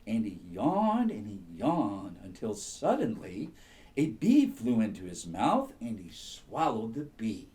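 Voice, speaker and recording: A man reading a bedtime story aloud to children in a soothing, very expressive way. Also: fairly low pitch, takes it slowly.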